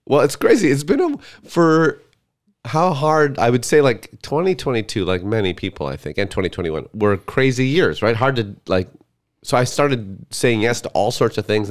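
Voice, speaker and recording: A man's voice: medium pitch, expressive, normal speed. A man who is a comedian guest on a podcast, telling stories in a rambling, casual way with lots of fillers. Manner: rambling storyteller, many fillers.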